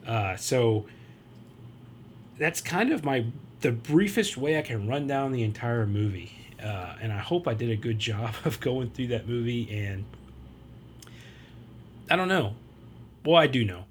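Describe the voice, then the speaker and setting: A man's voice: mid-range voice, expressive, measured pace, long pauses, slight background noise. Casual man recapping a movie. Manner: loose retelling with quoted lines and fillers. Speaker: podcast host.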